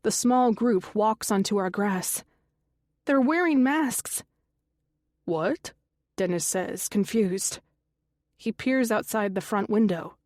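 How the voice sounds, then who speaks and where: Slow, measured woman narrating a thriller. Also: a little mellow, dry recording, studio quality. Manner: slow, measured reading with lifted pitch for quoted characters. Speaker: audiobook narrator. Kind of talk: scripted narration.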